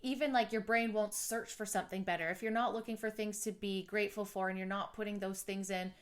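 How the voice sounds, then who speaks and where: A woman's voice: mid-range voice, fairly even intonation, a little fast. A woman in her thirties hosting a podcast, chatting candidly and swearing freely. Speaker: podcast host. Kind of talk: casual chat.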